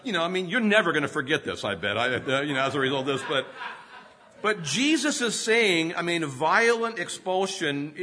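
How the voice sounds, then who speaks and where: A man's voice: on the high side, sharp tone. A man in his fifties preaching a sermon, telling humorous self-deprecating stories and often laughing mid-sentence. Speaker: pastor.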